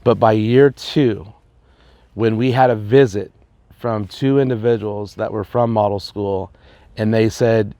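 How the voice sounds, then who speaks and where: A man, a high school principal, talking earnestly in an interview and telling stories with playful asides. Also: normal speed, darkish tone, dry recording. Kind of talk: reflective interview talk.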